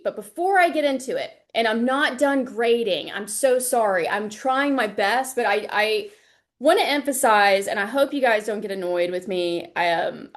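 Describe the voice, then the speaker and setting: Chatty woman, fairly high voice. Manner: chatty storytelling with animated quoted voices. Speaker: university instructor. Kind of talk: casual livestream lecture.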